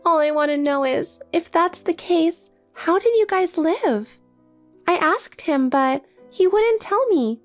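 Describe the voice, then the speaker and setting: A woman's voice: extremely high pitch, expressive, slow, full character voice. A synthetic woman's voice playing a desperate, pleading married older sister in a text story, with faint music behind. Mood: insistent. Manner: pleading, insistent.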